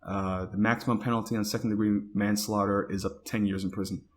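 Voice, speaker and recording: A man's voice: fairly low pitch, level tone, fast talker. A man hosting a talk podcast, reading news reports aloud and stumbling over words, with casual asides. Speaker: podcast host.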